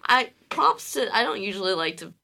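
A woman co-hosting a podcast in casual chat, rambling and quick to laugh, with some casual swearing. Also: medium pitch, lively intonation, gravelly, pushed and bright. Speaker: podcast co-host.

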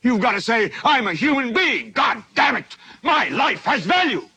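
An actor playing a furious male TV newscaster ranting on air in a film scene, building from quiet brooding to shouting. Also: very high voice, big pitch swings, moderate pace, heavily acted, low-quality recording. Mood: urgent. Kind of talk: film monologue.

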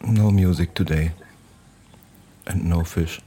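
A man with a very low, husky, dark voice gives short, amused answers at an unhurried pace. He sounds hesitant, taking part in an improvised radio performance. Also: fairly even intonation.

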